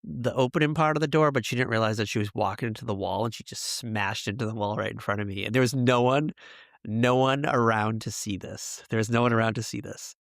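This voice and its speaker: A man's voice: medium pitch, brisk, creaky, no echo, clean studio sound. A man co-hosting a podcast, telling rambling school stories in casual chat with lots of fillers. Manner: rambling, many fillers and laughs. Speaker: podcast co-host.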